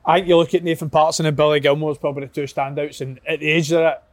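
A Scottish man with a slightly high voice talks quickly, asking questions and laying out his view step by step. The sound is dry and close. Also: flat delivery, dry recording. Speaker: podcast co-host. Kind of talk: casual chat.

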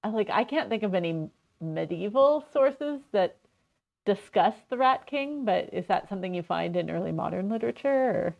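A woman co-hosting a podcast, telling stories in a chatty, animated way with many fillers. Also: medium pitch, moderate pace, creaky, muffled recording. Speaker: podcast co-host. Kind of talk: casual scholarly chat.

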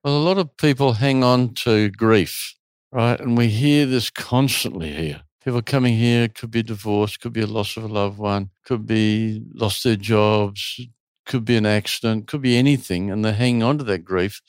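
A man running a retreat, telling stories casually in an interview with a lively, animated delivery. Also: lowish voice, normal speed, smooth, no room sound, studio quality.

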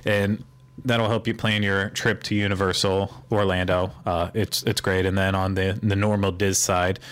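A man's voice: low voice, flat delivery, moderate pace, fairly bright tone, clean tone. A man co-hosting a podcast, rambling through casual chat with joking sarcasm. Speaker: podcast co-host.

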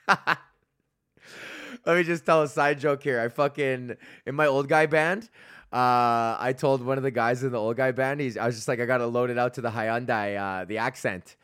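A man rambles through a casual, swear-filled story, leaning hard on fillers and chuckling at his own jokes. His voice sits at an ordinary middle pitch. It is recorded close and dry, with no room sound. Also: a bit bright, no echo. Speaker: podcast host and stand-up comedian.

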